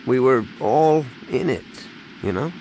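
A man voicing a grieving middle-aged starship captain, talking quietly with a breaking voice. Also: medium pitch, animated, slow, slight background noise, voice pushed up, rough recording.

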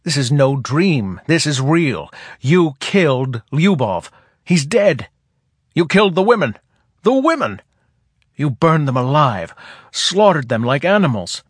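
A man voicing a resentful human colonial officer with a deep, hoarse voice and savage outbursts. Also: very animated, slow, no room sound, studio quality. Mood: raging. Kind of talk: audiobook character reading.

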